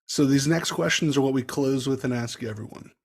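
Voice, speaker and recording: A man's voice: medium pitch, fairly quick, slightly rough. A man hosting a casual interview, asking questions and reacting briefly. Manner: friendly, short reactions and questions. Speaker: podcast host.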